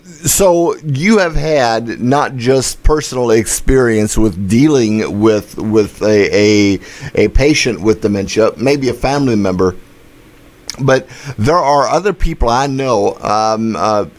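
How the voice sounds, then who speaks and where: A man's voice: medium pitch, takes it slowly. A man hosting a live talk radio show, upbeat and chatty with many fillers.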